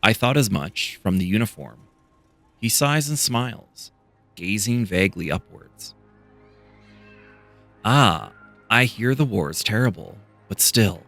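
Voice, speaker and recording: Low and unhurried, this is a gentle priest who tends the wounded, read by a man playing a game. His voice sits deep and moves slowly, with faint game music underneath. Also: animated, vocal fry, full character voice. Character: kindly male priest, gentle healer. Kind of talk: reading game dialogue aloud.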